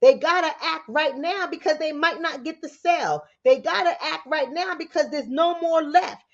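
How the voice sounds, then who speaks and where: A woman with a New York accent from the Bronx, talking fast and preaching to her viewers with rhetorical questions. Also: high-pitched, lo-fi sound. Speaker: relationship coach and commentator. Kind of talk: direct-to-camera commentary.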